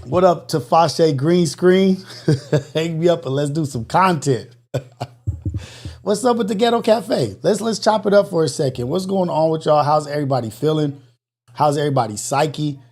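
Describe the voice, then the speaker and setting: A man hosting a live morning call-in show, out of breath and chatting casually, with energetic exclamations and motivational, prayerful asides. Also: on the high side, unhurried.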